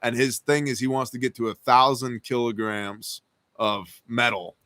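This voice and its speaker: A man's voice: medium pitch, fairly even intonation, normal speed, a bit bright, no echo. A man hosting a live stream Q&A, reading viewer questions aloud and answering them in a casual, joking, rambling way. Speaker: host.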